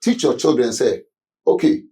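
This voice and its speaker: A man's voice: mid-range voice, animated, normal speed, dark tone. A Ghanaian man, a guest on a talk show, telling stories from home and acting out the voices of his children and himself. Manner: acts out family dialogue, switching between English and Twi. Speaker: guest, youth movement leader. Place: studio.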